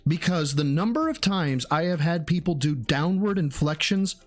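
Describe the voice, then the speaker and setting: A man's voice: on the high side, animated, normal speed. A man holds forth on his live stream in a casual, profane rant. His voice leaps up and down as he mocks and lectures, all sarcasm and swagger. Faint music sits underneath him. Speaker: streamer reacting to a food review.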